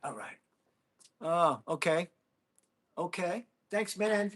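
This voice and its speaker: Excitable high-voiced American man streaming. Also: takes it slowly, a little hiss or hum. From United States. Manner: excitable, thanks viewers, whoops. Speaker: livestream host. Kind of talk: casual livestream chat.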